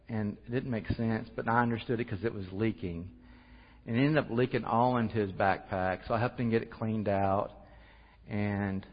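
A man giving an earnest, conversational church testimony that closes in prayer. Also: on the low side. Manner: earnest, conversational, laughs at himself. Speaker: church speaker sharing testimony. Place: church hall. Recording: muffled audio with long hall reverb.

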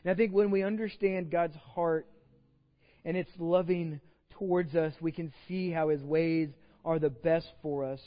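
A male pastor giving a sermon, retelling scripture in casual everyday language with animated storytelling. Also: fairly high pitch, measured pace. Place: church sanctuary. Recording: reverberant church hall, slightly dull sound.

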